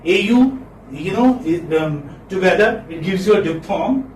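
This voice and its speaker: A man lecturing a class on phonetics, repeating words slowly and checking in with students with a questioning "hmm?". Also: high voice, expressive, recorded from a distance. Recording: echoey room, mic from afar, faint noise.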